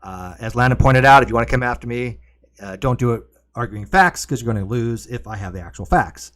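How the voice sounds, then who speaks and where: A man's voice: mid-range voice, expressive, a little fast, fairly bright tone. A man hosting a casual livestream, rambling and correcting himself, with wry asides to his chat, talking into a cardioid desk mic from his home streaming room. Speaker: livestream host. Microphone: cardioid desk mic, sometimes turned away.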